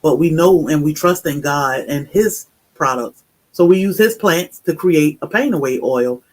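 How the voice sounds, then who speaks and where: A woman's voice: low voice, darkish tone. Earnest woman describing her product. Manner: earnest, pauses with fillers. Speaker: guest, natural product maker. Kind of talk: casual live-stream chat.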